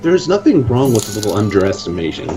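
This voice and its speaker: A man's voice: on the low side, big pitch swings, fast, music in the background. A man playing in a tabletop game, joking and laughing often while talking in character. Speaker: player. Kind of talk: casual in-character role-play.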